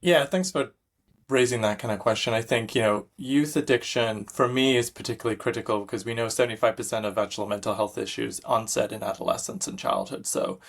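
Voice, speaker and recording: A man's voice: on the low side, expressive, fairly quick, creaky. Thoughtful middle-aged man, faint British accent. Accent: flattened British with a slight Boston tinge. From Britain. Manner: thoughtful, with frequent restarts and fillers. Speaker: clinical psychologist guest. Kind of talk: podcast interview.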